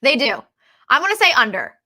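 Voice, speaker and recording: A woman co-hosting a casual sports chat, excitable, often trailing off and restarting mid-sentence. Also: sits high, brisk. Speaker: podcast co-host.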